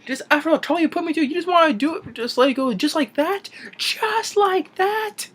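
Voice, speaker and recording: A man voicing a small excitable alien creature with a whiny, incredulous manner, quoting it while retelling a cartoon. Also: fairly quick. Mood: indignant. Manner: whiny, incredulous, high-pitched.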